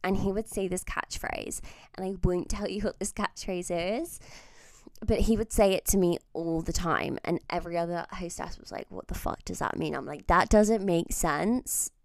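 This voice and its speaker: A young woman tells stories on her podcast in a casual, animated voice that sits slightly low. She swears freely and laughs mid-sentence. The sound is close and dry, with no room echo. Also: moderate pace. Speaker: podcast host. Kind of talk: casual storytelling monologue.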